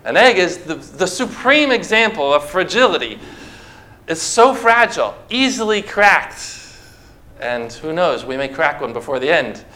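With a slightly high, sing-song, pushed and bright voice, a pastor delivers a sermon at a measured pace to a church congregation. Rhetorical questions and simple object lessons guide his talk.

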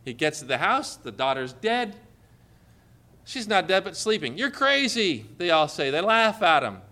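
Bright-toned man preaching a sermon. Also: a little high, very animated, normal speed. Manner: earnest preaching with rising emphasis and rhetorical questions. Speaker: pastor.

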